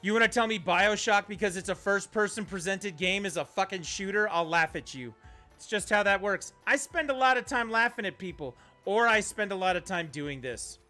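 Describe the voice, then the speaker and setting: Streaming a video game, a man chats casually and rants bluntly, swearing now and then. His high, bright voice sounds pushed and animated at a moderate pace, with soft music behind him.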